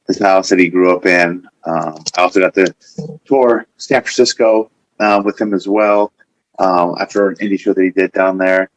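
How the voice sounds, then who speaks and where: A man's voice: low voice, no echo, rough recording. A man, a guest on a podcast, telling rambling stories in a casual chat and acting out what others said. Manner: rambling, animated storyteller acting out quotes. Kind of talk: casual storytelling.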